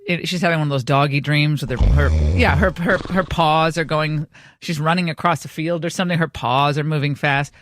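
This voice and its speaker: A woman's voice: low-pitched, a little fast, noisy background. A middle-aged woman hosting a radio talk show, telling a story in a chatty way with many restarts. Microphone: studio microphone.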